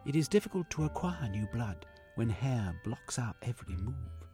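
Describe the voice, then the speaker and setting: A man's voice: mid-range voice, sing-song, moderate pace, over music, voice pushed up. Man putting on a curt revolutionary woman. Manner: clipped, terse replies.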